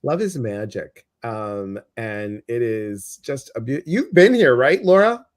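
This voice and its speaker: A man's voice: medium pitch, slow pace. Chatty Chicago man co-hosting a stream. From Chicago, US Midwest. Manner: chatty, animated, repeats phrases for emphasis. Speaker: co-host reading viewer comments. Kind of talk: casual livestream chat.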